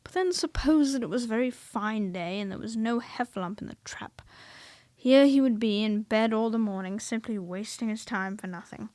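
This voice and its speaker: A woman reading a children's storybook aloud, expressive and dropping to hushed whispers at tense moments. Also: a little high, normal speed, no room sound, studio quality.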